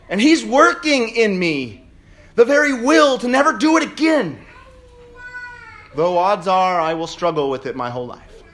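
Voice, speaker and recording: A male pastor preaching an Easter sermon in a church, swinging between shouted declarations and quieter, joking asides. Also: high voice, a little hiss or hum.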